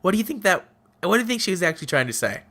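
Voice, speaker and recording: A man co-hosting a casual podcast, making quick wisecracks and deadpan jokes. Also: high voice. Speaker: podcast co-host.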